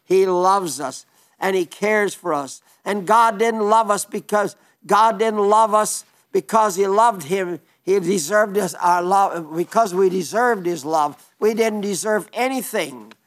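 A man's voice: sits high, a little slow, fairly bright tone. An older man preaching an earnest sermon, often repeating words for emphasis.

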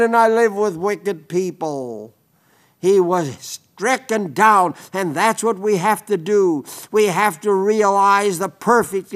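A man preaching a sermon, fervent, rising to emphatic peaks and sinking to hushed tones. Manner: fervent, rises to loud emphatic peaks, then sinks to hushed low tones.

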